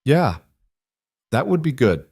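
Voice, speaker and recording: A man's voice: mid-range voice, big pitch swings, slow, gravelly, husky, dry recording, clean studio sound, pitched above the performer's own voice, heavily acted. A weary, overwhelmed single dad, read by a man. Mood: tired, gentle. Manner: quiet, strained, self-doubting. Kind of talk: scripted story reading.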